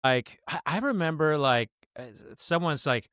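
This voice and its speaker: A man's voice: fairly high pitch, expressive, a bit bright, clean tone, no room sound, clean studio sound. A man hosting a podcast in casual chat, telling stories in a playful way. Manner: playful storytelling, quick to laugh. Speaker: podcast host.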